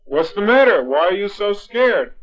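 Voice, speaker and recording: A man's voice: a little high, moderate pace, lightly acted. A father doing a fed-up old farmer. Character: grumpy middle-aged male farmer. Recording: dull lo-fi home recording.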